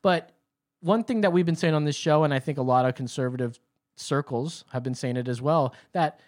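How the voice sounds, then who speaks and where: A man with a somewhat high voice hosts a call-in show. He rambles in loose, profane chat, laughing now and then and circling back over his points. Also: a little fast.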